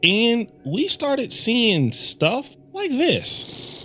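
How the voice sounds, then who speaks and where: A man hosting a pop culture commentary, telling the story with wry, lively asides. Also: very high-pitched, drawn-out words, slight background noise. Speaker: commentary host.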